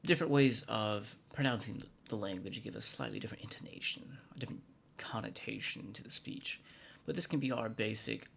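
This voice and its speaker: A man's voice: on the low side, a little fast, vocal fry, slight background noise. American man hosting a language vlog. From United States. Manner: playful, drops into hushed asides and mock-formal speech. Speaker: vlog host teaching Japanese. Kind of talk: scripted educational vlog narration.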